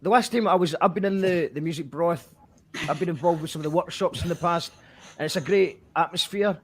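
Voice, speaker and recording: A man's voice: a little high, fairly quick, husky. A man hosting a casual radio interview, introducing guests and asking stumbling questions. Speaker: radio host.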